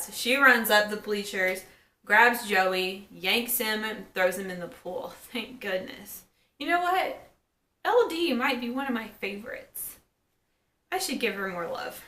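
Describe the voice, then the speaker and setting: A woman giving a casual recap of a TV episode, chatting and quoting characters in quick asides. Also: a little high, pushed and bright. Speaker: TV episode reviewer. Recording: echoey room.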